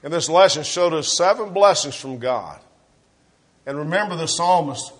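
A man preaching an earnest sermon, often clearing his throat and letting his voice sink soft and low at the ends of phrases.

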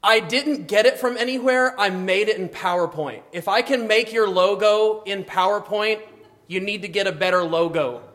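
A man teaching a classroom of high schoolers, talking casually, adding wry asides and often checking in with "okay?". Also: sharp tone. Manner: mildly sarcastic asides. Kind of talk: classroom lesson. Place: classroom with students.

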